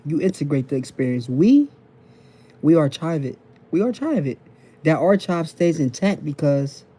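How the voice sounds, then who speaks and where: A man lectures his live-stream viewers from his phone, repeating each point and asking if they follow. His talk is loose and slangy. The voice sits a little high but sounds very dark and mellow. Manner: repetitive, preachy, keeps checking in with the audience; casual slang and profanity. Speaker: TikTok live host.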